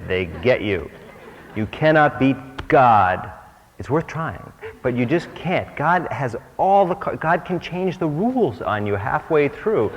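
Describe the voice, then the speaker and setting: Man, spiritual teacher, wry and self-mocking, dull lo-fi tape with long hall reverb. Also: mid-range voice. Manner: joking, self-mocking asides. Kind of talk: humorous workshop talk. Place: stage before an audience. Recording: dull old recording, long hall reverb, faint hiss.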